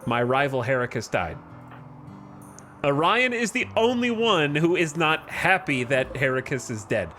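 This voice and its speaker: A man's voice: on the high side, sing-song, measured pace, sharp tone, faint music behind, full character voice. A man voicing an impassioned, grandiose gang-boss-style figure with a put-on Birmingham accent, delivering a scolding eulogy.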